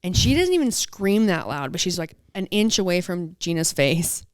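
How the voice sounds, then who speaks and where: A woman's voice: lowish voice, normal speed, dry recording. A woman co-hosting a podcast, telling a funny story in a casual chat, acting out quotes and saying "dude" and "like" a lot. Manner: animated storyteller, acts out quotes. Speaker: podcast co-host.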